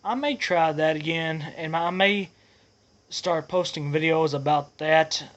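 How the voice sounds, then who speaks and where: A man's voice: a little high, a little slow, a bit bright, highs cut off. A man talking casually to his viewers in a vlog update, rambling a little, earnest and thankful. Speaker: channel host.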